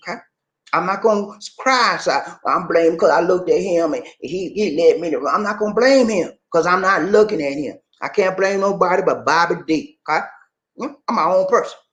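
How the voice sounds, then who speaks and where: Animated man with a lively high voice. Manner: animated, preachy, repeats himself, asks and answers his own questions. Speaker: vlogger. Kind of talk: casual livestream chat.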